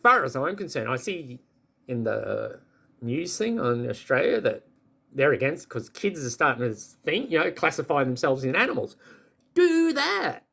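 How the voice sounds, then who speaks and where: A man in his fifties or older, talking to the camera in a rambling, casual monologue and chuckling as he goes. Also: gravelly. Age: 50s or older. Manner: rambling, chuckling, pitch jumping up when excited. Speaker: vlogger.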